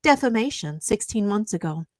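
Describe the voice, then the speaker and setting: A woman's voice: mid-range voice, lively intonation, normal speed, darkish tone, no room sound, clean studio sound. A woman YouTuber ranting back at online commenters, sarcastic and indignant, mocking them at length.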